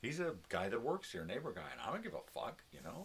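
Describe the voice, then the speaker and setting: Older man with a low voice, cursing and ranting. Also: huge pitch swings, fast, vocal fry, few pauses, a bit bright, slight background noise. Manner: profane, ranting, talks to his dogs. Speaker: vlog host. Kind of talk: casual morning chat. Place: home with dogs.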